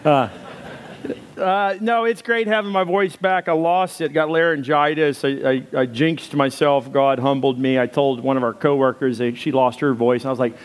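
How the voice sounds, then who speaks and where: A man's voice: medium pitch, steady tone, normal speed, clear, resonant tone. A male pastor opening a church service in a chatty, joking, self-deprecating way, telling stories to the congregation. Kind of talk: sermon opening with casual storytelling.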